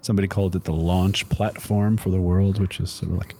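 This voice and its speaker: A man's voice: sits low, little pitch movement, a little fast, warm tone, slightly rough. A man co-hosting a podcast, explaining church practice in a casual, playful way. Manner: playful, explaining liturgy in a chatty teaching way. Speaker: podcast co-host. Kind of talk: casual chat.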